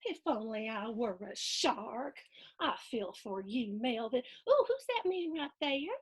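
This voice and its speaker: A woman's voice: a little high, big pitch swings, a little slow, husky. A woman hosting a children's storytime, reading a picture book aloud with lots of questions and sound effects. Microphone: video stream.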